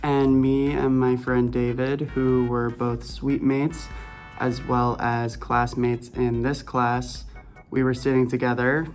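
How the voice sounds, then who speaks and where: A man's voice: mid-range voice, level tone, takes it slowly. Young man, twenties, casual vlog host, chatty, nostalgic, faint background music. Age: 20s. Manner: nostalgic, laid-back and chatty. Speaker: gaming vlogger host. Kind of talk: casual walking vlog narration.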